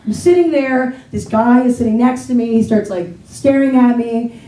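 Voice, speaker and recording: Woman stand-up from the Pittsburgh area, chatty and self-deprecating, high voice, roomy and distant stage sound. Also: normal speed, dark tone. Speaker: stand-up comedian. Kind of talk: stand-up comedy set. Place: comedy theater stage.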